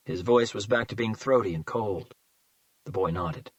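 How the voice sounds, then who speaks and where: A man reading a crime thriller audiobook in a measured, tense narration. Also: on the low side, fairly bright tone, dry recording, rough recording. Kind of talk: scripted narration.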